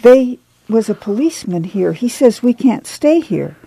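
A woman's voice: fairly high pitch, expressive, a little slow, gravelly, dark tone, slightly rough, no room sound, pitched above the performer's own voice, exaggerated voice. A woman voicing a tough, weary migrant mother with a folksy rural drawl, read for an audiobook. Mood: worried. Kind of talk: audiobook dialogue reading.

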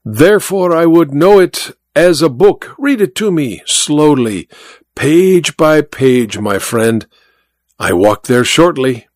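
A man's voice: fairly high pitch, animated, slow pace, dry recording. A man voicing a showy, grandiose blind stage magician who speaks with theatrical flourishes. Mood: commanding.

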